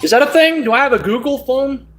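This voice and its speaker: A man's voice: very high-pitched, animated, fast talker, a bit bright, echoey room, a little hiss or hum. A man chatting casually on a live stream while working on a car, laid-back and rambling, laughing often. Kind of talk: casual live-stream chat while doing body work.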